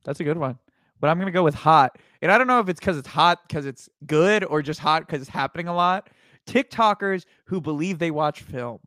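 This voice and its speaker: A man's voice: fairly high pitch, fairly quick, a bit bright, no echo, studio quality. A man co-hosting a sports podcast, talking in an easygoing, casual way and laughing often. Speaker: podcast co-host.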